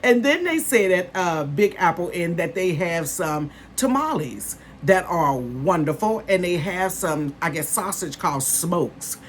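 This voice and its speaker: A woman in her fifties chatting casually to her viewers as a vlogger, calling them "honey" and "you guys" and bursting into excitement. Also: on the low side, measured pace, few pauses, slight background noise. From northern United States. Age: 50s.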